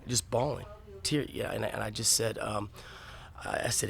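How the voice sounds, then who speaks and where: Gravelly man, earnest. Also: lowish voice, moderate pace, fairly bright tone. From Texas panhandle. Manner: earnest, emphatic, with many restarts. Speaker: podcast guest, musician. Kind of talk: casual interview chat.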